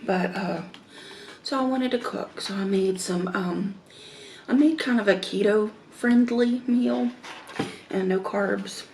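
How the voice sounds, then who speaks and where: Slow gravelly woman vlogger. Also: mid-range voice, darkish tone, a little hiss or hum. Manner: slow, rambling, many fillers. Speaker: mukbang vlogger. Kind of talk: casual chat while eating.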